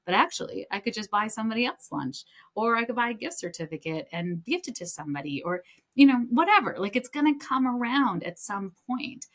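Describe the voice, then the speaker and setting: A woman's voice: fairly high pitch, very animated, a little fast, fairly bright tone. A woman hosting a podcast, telling stories in a casual, chatty way with many fillers and some enthusiasm. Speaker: podcast host. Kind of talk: casual spiritual talk.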